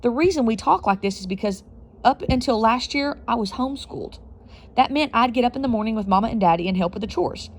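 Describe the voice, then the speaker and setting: A woman's voice: a little high, fast talker. A woman reading a children's novel aloud, telling it with expression and the odd self-correction. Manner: expressive storytelling, slight slips and self-corrections. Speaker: reader.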